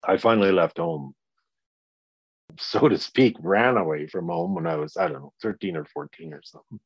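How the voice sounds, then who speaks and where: A Canadian man in his sixties, the father of a victim, gives a candid interview as a guest, speaking bluntly and swearing along the way. His low, husky voice moves at a moderate pace, and he acts out quoted people in raised voices. The audio is dull and dry, with no echo or room sound.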